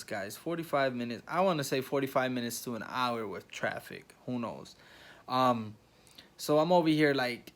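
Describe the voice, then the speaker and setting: A young man telling a story to his vlog audience, talking low and hushed in a hospital room. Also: moderate pace. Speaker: vlogger.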